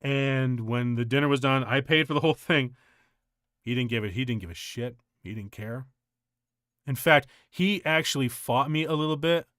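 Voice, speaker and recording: Streaming in a casual chat, a man tells a lengthy personal story that halts, rambles and keeps restarting. The sound is close and dry without room echo, and his middle-pitched voice carries a slightly bright, clean tone.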